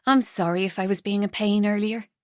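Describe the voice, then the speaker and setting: A woman narrator voicing a warm, earnest young heroine with an emotional, bright delivery. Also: mid-range voice, steady tone, brisk, no room sound, clean studio sound, lightly acted.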